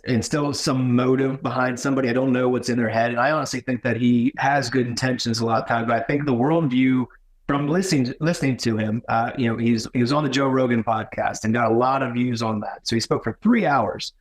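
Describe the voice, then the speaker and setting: A man talking as a podcast guest, earnest and halting, often restarting his sentences. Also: medium pitch. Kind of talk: conversational podcast talk.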